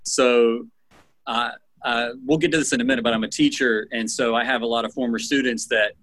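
A man, once a TV news editor and now a teacher, speaks as a guest. He reflects on his past at an unhurried pace, with many ums and restarts. His voice sits at a mid pitch and sounds dry and close. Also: fairly even intonation, a bit bright, no echo, low-quality recording. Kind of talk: casual interview chat.

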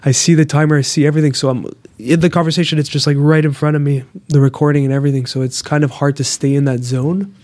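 Fast-talking mellow podcast co-host, a man. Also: on the high side, little pitch movement. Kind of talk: casual podcast chat.

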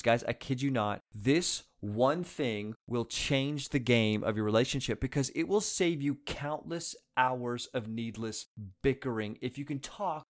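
A man talking straight to his audience with lively, upbeat energy, like a coach giving practical advice. His voice sits at an ordinary middle pitch, and he keeps things casual, often stopping to check in with listeners. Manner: energetic, conversational, often checks in with "okay?" and "you guys". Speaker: relationship advice speaker. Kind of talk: motivational talk to viewers.

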